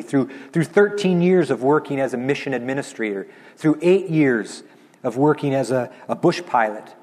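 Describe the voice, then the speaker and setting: A man's voice: on the high side, darkish tone. A middle-aged man preaching a sermon as a missionary speaker, earnest and building into impassioned repetition. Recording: long reverb of a large hall.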